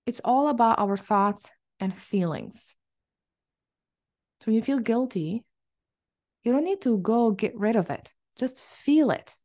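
A woman's voice: fairly high pitch, expressive, a little slow, pauses often, a little mellow. A woman hosting a solo podcast, talking earnestly and encouragingly to parents, often repeating phrases for emphasis. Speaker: podcast host. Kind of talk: solo podcast coaching talk.

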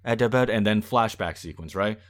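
A man in casual conversation, reviewing a movie with exasperated, animated delivery and acted-out quotes. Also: lowish voice, a little fast.

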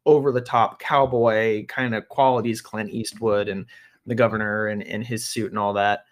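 A man's voice: on the low side, fairly even intonation, moderate pace. A man co-hosting a podcast, talking through a film review thoughtfully, with many fillers and restarts. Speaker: podcast co-host. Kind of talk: casual film review chat.

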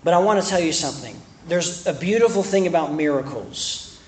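A man's voice: a little high, lively intonation, brisk. A young man preaching to a campus ministry in a conversational style that swells into emphatic points. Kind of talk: sermon. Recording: echoey room, distant mic, faint noise.

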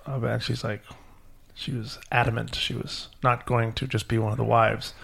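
A man hosting a podcast, retelling a myth to a child in an animated, storytelling way. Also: medium pitch, normal speed, creaky, slightly rough. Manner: animated storyteller, acting out characters. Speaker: podcast host.

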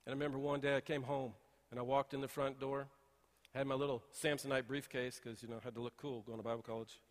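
A middle-aged man preaching a sermon, telling folksy stories and swinging between hushed asides and emphatic points. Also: mid-range voice, little pitch movement, fast talker, big-room sound. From Texas. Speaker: pastor. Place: church sanctuary.

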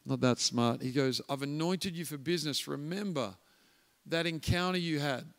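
A man's voice: fairly high pitch, normal speed, fairly bright tone. A man preaching a guest sermon, telling a story and acting out the voices of its characters. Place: church hall. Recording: church hall reverb.

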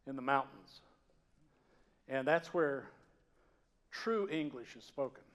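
A man from the Georgia mountains, raised with a Southern accent, preaching a sermon in a conversational, storytelling way that swings from loud to hushed. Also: mid-range voice, lively intonation, slow pace, a little hiss or hum. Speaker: pastor.

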